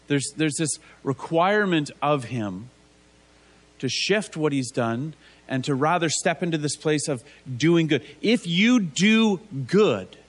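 A man's voice: fairly high pitch, animated, unhurried. A man preaching a conversational sermon, asking rhetorical tag questions and acting out biblical figures in casual voices.

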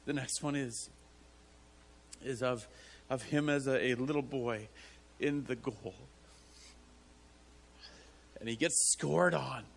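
A man preaching a sermon to his church, halting and repeating words as he tells a story, often breaking into laughter. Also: medium pitch, vocal fry. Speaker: pastor.

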